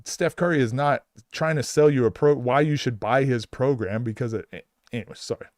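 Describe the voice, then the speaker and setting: A man's voice: medium pitch, moderate pace, darkish tone, no echo, clean studio sound. A man coaching basketball, giving blunt, exasperated live commentary and restarting his sentences often.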